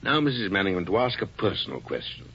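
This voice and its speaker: An actor playing a shrewd, probing police detective. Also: male voice, low-pitched, fast, husky, exaggerated voice. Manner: calm, probing and dryly amused. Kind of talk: 1940s radio acting. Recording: dull old radio broadcast.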